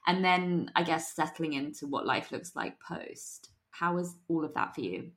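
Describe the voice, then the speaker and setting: A woman's voice: deep voice, moderate pace, a bit bright. A woman hosting a podcast, asking thoughtful questions that she hedges with "you know" and "I guess". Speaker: podcast host. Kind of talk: interviewing.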